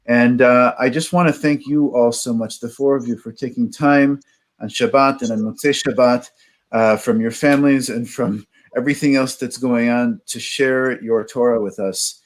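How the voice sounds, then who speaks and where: A man's voice: medium pitch, steady tone, moderate pace. Man casually wrapping up a session. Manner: warm thanks, many you-knows and fillers. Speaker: host closing a panel session. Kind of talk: casual closing remarks.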